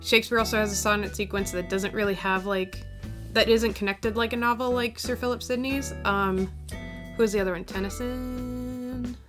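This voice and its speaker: A woman poet talking casually through the drafts of her own poem, chatty and quick to laugh at herself. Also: fairly high pitch, fairly even intonation, over music. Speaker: poet explaining her editing.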